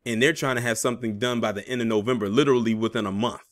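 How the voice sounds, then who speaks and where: A young man delivers political commentary in a mid-range voice, reading out news and cutting in with pointed asides. He talks with heavy sarcasm, pushing his pitch up when he stresses a point. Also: fairly even intonation, racing. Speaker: commentary channel host.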